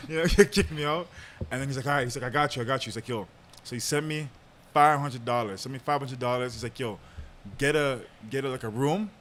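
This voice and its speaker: A man's voice: medium pitch, quick pace, a bit bright, a little hiss or hum. A young man telling a long personal story on a podcast in a casual way, with lots of fillers and laughter. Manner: laid-back, laughs often, lots of fillers. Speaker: podcast host.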